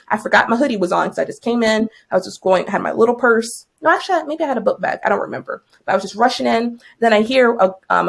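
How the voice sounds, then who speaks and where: A woman in her twenties, a new teacher co-hosting a podcast, telling stories in a casual, animated way and laughing often. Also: vocal fry. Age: 20s. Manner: animated, laughs often, jumps high for quoted lines.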